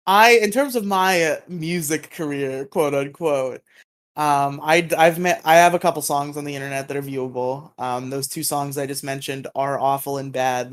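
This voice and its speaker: A man co-hosting a podcast in casual chat over a voice call, rambling and self-deprecating, laughing often. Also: mid-range voice. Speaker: podcast co-host.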